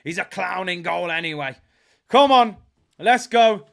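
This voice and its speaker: Bloke doing a footy watchalong, high bright voice, banter and trolling, yells when stuff happens. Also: male voice, measured pace, creaky. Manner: excitable banter, erupts into shouts at big moments; mocking, trolling rival fans. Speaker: football watchalong host. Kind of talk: live football watchalong commentary.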